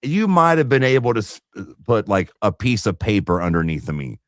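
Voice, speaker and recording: A man co-hosting a podcast, telling a story in a laughing, animated way. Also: lowish voice, brisk, no echo, studio quality. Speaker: podcast co-host. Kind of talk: casual chat.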